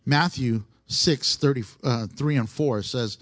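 A man's voice: medium pitch, takes it slowly, few pauses, fairly bright tone. A man preaching a sermon in a conversational way. He asks the listeners questions and repeats his key phrases.

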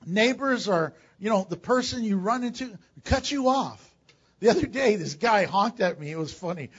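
An older man preaching a sermon as pastor, animated and joking, with sudden loud bursts. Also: sits high, normal speed, husky, highs cut off. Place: church.

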